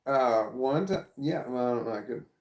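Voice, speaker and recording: A man's voice: medium pitch, lively intonation, moderate pace, creaky, a little mellow, roomy sound. A man telling a casual story to the camera. He rambles, repeats himself and swears often. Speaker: vlogger.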